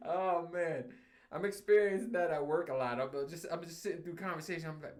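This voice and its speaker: A man's voice: fairly high pitch, moderate pace, pauses often. A young man hosting his own podcast, ranting in casual, profane solo talk that he breaks up with laughs and sudden outbursts. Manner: profane, animated storytelling with frequent laughs. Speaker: podcast host.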